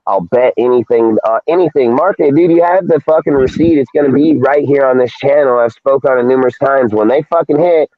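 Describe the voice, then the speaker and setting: A man's voice: mid-range voice, a little fast, hardly any pauses. A man hosting a casual sports talk show, ranting heatedly with a lot of swearing. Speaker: podcast host. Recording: dry tinny phone-like audio.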